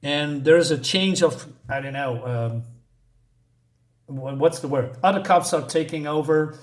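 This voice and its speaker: A man with a fairly high voice talks through a comic issue in a casual, unscripted way. He hesitates a lot, fills gaps with ums and uhs, and stops to correct himself. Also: a little slow. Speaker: comic book reviewer.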